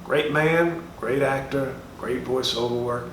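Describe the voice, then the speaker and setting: A man's voice: mid-range voice, fairly even intonation, a little slow, a bit bright, natural voice. A man plays a brash middle-aged comedian who lectures a room of schoolkids. He drawls, swears and taunts in a mock-serious way. The voice comes from a distant mic in an echoing room with faint background noise. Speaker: speaker at a school assembly. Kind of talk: comedic impression monologue. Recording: roomy sound from a distant mic.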